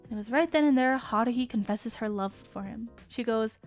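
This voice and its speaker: Chatty young woman streamer, slightly high voice. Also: brisk, soft background music. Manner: rambling, swears casually, leans on "like"; laughs often while talking. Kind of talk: casual chat retelling an anime plot.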